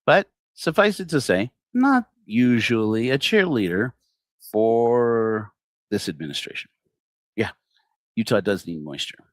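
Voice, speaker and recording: A middle-aged man hosting a livestreamed satirical sermon, addressing his target with sarcastic, theatrical mock flattery. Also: on the low side, measured pace, dry recording, studio quality. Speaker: host of a secular online congregation.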